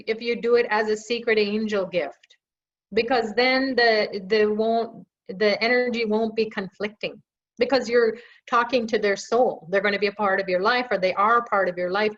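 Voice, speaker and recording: A woman hosting a live question-and-answer stream, chatty and reassuring, with jokes at her own expense. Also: mid-range voice. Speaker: live show host answering viewer questions. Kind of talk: casual live Q&A. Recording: dull lo-fi stream audio.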